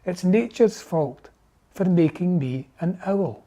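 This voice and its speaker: Casting: reader voicing a whiny, self-pitying little male owl for a storybook, slow and mellow. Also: medium pitch, animated. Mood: miserable. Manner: whiny, moaning, pleading. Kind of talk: storybook reading.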